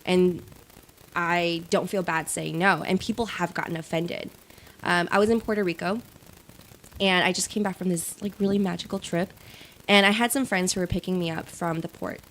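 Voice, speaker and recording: A woman's voice: lowish voice, normal speed, slight background noise. A woman guest on a podcast, telling a personal story in casual chat with lots of "like" and "right?". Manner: animated storyteller, many "like" and "right?".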